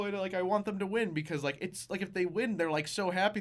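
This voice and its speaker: A man's voice: high-pitched, brisk. A young man co-hosting a podcast, telling rambling, profane, joking stories in casual chat. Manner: rambling, profane, jokey storytelling. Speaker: podcast co-host.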